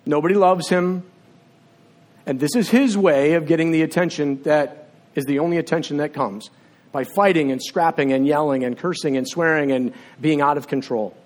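A man preaching a sermon in a church, telling a personal story from his teaching years in a conversational way and then praying quietly over the congregation. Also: normal speed. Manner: conversational storyteller, drops to a low hushed voice in prayer. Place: church sanctuary with seats. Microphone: filmed on camera while preaching.

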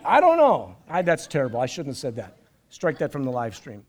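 A middle-aged man preaching a live-streamed sermon from a church stage, animated, with jokey asides and repeated words. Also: medium pitch, brisk. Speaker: pastor.

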